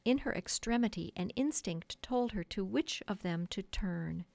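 A woman reading a children's classic aloud in a measured, expressive storytelling manner. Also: medium pitch, vocal fry, no echo. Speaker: audiobook narrator. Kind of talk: scripted narration. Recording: dry close studio sound.

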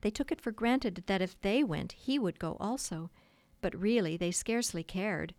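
A woman reading a children's classic aloud in a measured, expressive storytelling manner. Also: mid-range voice, no echo. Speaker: audiobook narrator. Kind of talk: scripted narration. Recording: dry close studio sound.

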